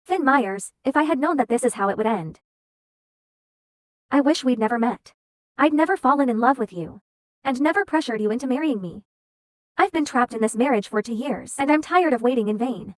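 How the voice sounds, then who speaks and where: A woman's voice: high-pitched, animated, a little fast, no echo, studio quality. An actress playing a young woman who has just divorced her husband, bitter and defiant, speaking in short, clipped lines in a dubbed drama. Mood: cold, resolute. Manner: curt and clipped.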